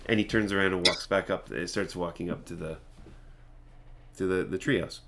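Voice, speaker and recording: Game master, male, lowish voice, meandering scene-setting, restarts lines, casual tabletop session. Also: steady tone, moderate pace, long pauses, a bit bright, a little hiss or hum. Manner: meandering, restarts sentences while describing.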